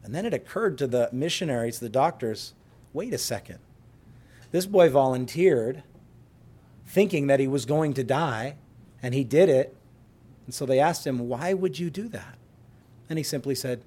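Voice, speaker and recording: A man's voice: medium pitch, lively intonation, normal speed, long pauses, dark tone, husky. A man preaching a sermon, telling a story with earnest feeling and closing in prayer. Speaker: pastor.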